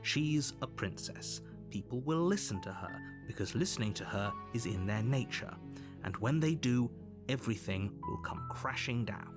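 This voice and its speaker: A man with a British accent voicing a stern, all-knowing narrator in a video game, delivering measured, grave warnings. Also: mid-range voice, expressive, close to an everyday voice. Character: stern omniscient male narrator, ominous warner. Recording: game audio under music.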